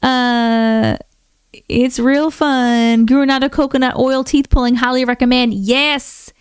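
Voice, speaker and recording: Woman, live-stream host, casual chat, playful put-on accent, dry close sound, clear voice. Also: sits high, fairly even intonation, unhurried, no echo. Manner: chatty, reads out and thanks viewers by name. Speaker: livestream host.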